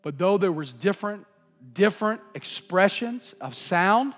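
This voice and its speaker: A man's voice: high-pitched, expressive, unhurried, in a large hall. A man preaching a sermon in an impassioned, repetitive cadence. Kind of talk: Pentecostal-style sermon.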